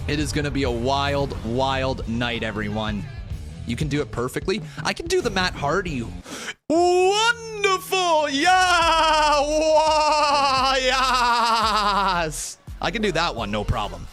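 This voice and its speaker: A man hosting a live stream watch-along, talking loudly and excitedly to his chat, often shouting and swearing. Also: mid-range voice, normal speed, soft background music.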